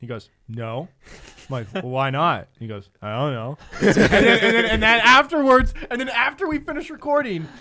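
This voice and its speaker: Young male podcast host, teasing and relaxed. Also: sits high, normal speed. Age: young adult. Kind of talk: casual chat.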